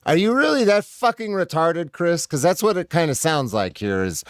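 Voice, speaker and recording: A man's voice: fairly high pitch, very animated, normal speed, hardly any pauses, dry recording, studio quality. Sarcastic, swearing commentator man. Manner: profane, sarcastic, combative. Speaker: commentator reacting to a video. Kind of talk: casual reaction commentary.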